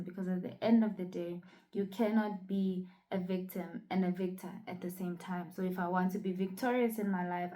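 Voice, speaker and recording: A woman's voice: mid-range voice, warm tone, low-quality recording. A young woman from South Africa telling a personal faith testimony in an earnest, reflective way, with frequent fillers. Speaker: vlogger sharing a personal testimony. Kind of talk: casual personal storytelling.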